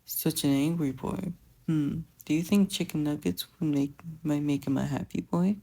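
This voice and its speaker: A fan fiction reader voicing a gentle, doting teenage older brother who talks in a soft, coaxing way. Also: medium pitch, steady tone, normal speed, lightly acted. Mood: tender. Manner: soft, coaxing, tender teasing. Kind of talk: fan fiction audiobook reading.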